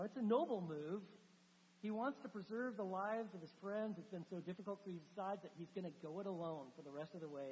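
A male pastor with a high, light voice delivers a sermon, slipping into lively storytelling with chatty asides. His voice rings through a church sanctuary with a long reverb tail. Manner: animated storytelling, conversational asides.

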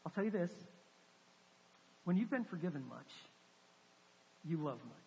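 A man preaching a sermon, rising to emphatic questions and dropping to soft, hushed storytelling. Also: fairly high pitch, very animated, measured pace, creaky, a little hiss or hum. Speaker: pastor. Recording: long hall reverb.

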